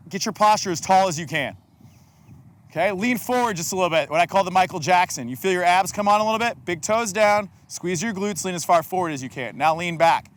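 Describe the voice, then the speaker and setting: A man with a high, bright voice leads a group workout class as fitness coach. He talks in energetic coaching cues and counts down the seconds, like a trainer calling out to people in the room. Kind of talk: follow-along workout instruction.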